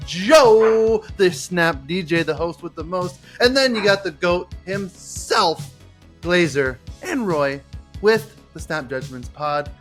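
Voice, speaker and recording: Young guy hosting a gaming pod, kinda high voice, hyped, swears a lot, bit of music behind. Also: takes it slowly. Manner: energetic, swears freely, many fillers. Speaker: podcast co-host. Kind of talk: casual gaming podcast chat.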